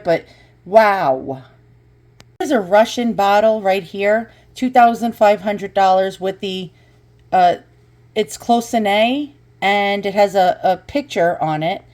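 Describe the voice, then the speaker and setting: A woman hosting an unboxing vlog, talking through her finds in a casual, chatty way. She keeps breaking into excited exclamations as she compares prices. Her voice sits at an ordinary middle pitch. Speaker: vlogger. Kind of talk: unboxing and price research chat.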